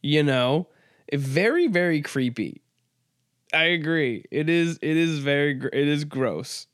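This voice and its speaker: A man's voice: fairly high pitch, lively intonation, measured pace, a bit bright, dry recording, studio quality. A man hosting a comedy podcast, talking casually in a rambling, crude, joking way with lots of fillers. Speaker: podcast host.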